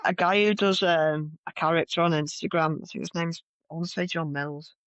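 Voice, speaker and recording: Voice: mid-range voice, steady tone, a little fast, fairly bright tone, no echo, dull audio. A co-host from North West England on a political podcast, chatting casually with dry, sarcastic asides.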